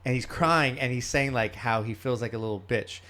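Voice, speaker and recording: A man's voice: mid-range voice, fairly quick, pushed and bright. A man co-hosting a podcast in casual chat, rambling, swearing and laughing often. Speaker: podcast co-host.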